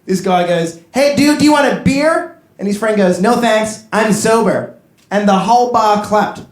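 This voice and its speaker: A man, doing a stand-up set, talking loud and quick. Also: high-pitched, roomy sound, a little hiss or hum. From Australia. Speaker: stand-up comedian.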